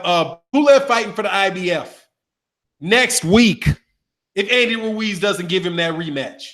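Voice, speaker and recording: Guy ranting bout boxing, real high voice, fired up and repeating himself. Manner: animated, repetitive, trash-talking. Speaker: boxing commentator. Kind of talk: casual rant to camera.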